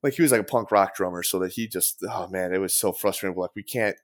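Young guy rambling on a podcast, swears a lot, kinda low voice. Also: fast. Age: young adult. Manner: rambling, profane, filler-heavy storytelling. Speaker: musician guest. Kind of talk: casual podcast chat.

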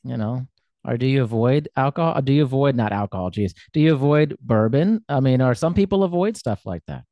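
A man's voice: mid-range voice, lively intonation, brisk, no echo, highs cut off. Rambling, self-mocking male interviewer. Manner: rambling, self-deprecating, laughs often. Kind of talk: casual conversational interview.

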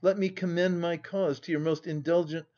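A man voicing a bold young gentleman suitor who pleads with flattering, easy assurance, on a dull lo-fi recording. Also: on the high side, normal speed, lightly acted. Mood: pleading.

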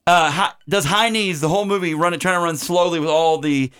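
A man hosting a podcast about bad movies, rambling and joking through film credits with plenty of "uh"s. His voice is smooth and clear and sits a little high. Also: brisk, fairly bright tone. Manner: rambling, joking, many fillers. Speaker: podcast host. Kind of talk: casual chat.

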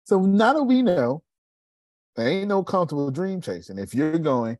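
A man's voice: on the high side, sing-song, slow pace, pauses often, darkish tone, dry recording. A man hosting a podcast in casual live coaching talk, emphatic, repeating phrases and calling listeners by name. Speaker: podcast host.

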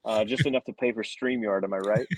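A man's voice: fairly low pitch, fairly even intonation, fast talker, dry recording, low-quality recording. A talkative man co-hosting a casual sports podcast from an arena, swearing freely. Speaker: podcast co-host.

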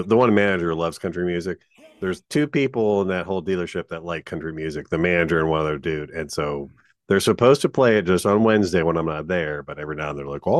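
A man's voice: sits low, dry recording, clean studio sound. A man co-hosting a podcast in casual chat, blunt and opinionated, swearing as he complains. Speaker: podcast co-host.

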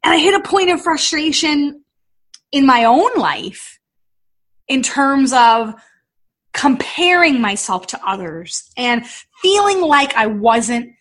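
A middle-aged woman, a podcast host and fitness coach, telling a personal story in an animated way and acting out the dialogue. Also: high-pitched, slow pace. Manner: animated, acts out quoted dialogue.

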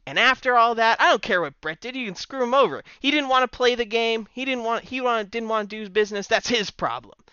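A man's voice: very high-pitched, fast, hardly any pauses, sharp tone, clean tone, dry recording, highs cut off, pitched above the performer's own voice. A man voicing a male wrestler defiantly confronting his rival. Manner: heated, emphatic in-character promo.

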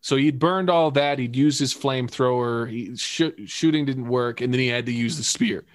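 A man talking casually and excitedly, swearing freely and breaking into laughter. His voice sits at a middle pitch. The recording is dry and close, with no room sound. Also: moderate pace, no room sound. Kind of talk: casual chat about a TV episode.

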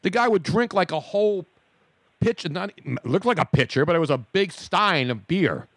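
A man's voice: sits high, animated, moderate pace, no echo, clean studio sound. A man hosting a talk show, telling stories in casual, opinionated banter. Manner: boisterous, opinionated storyteller. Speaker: radio show host.

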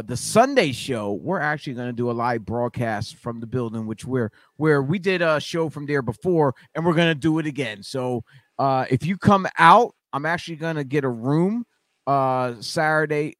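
Male podcast host, high voice, rambling with restarts, dry close recording. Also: lively intonation, normal speed, fairly bright tone, no echo. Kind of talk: casual podcast chat.

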